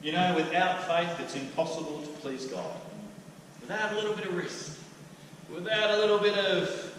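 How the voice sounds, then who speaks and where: An Australian man preaching a lively, jokey sermon in a church hall. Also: sits high, moderate pace. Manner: animated, jokey, acts out the master's lines. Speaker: pastor. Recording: echoey hall, mic from a distance, faint room hum.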